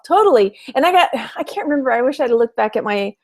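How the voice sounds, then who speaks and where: A fairly high-voiced woman from Texas talks to her viewers in a loose, chatty livestream. She breaks off to greet people by name, and laughter runs through her talk. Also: expressive, fairly quick, darkish tone. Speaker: online reseller and livestream host. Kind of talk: casual livestream chat.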